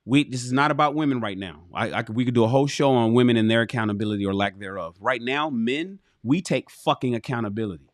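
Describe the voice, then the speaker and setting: A medium-pitched man moves at a quick pace as he reads from a relationship book during his livestream. The sound is clean studio audio with no room sound, and he keeps veering into animated, profane, emphatic commentary aimed straight at his viewers.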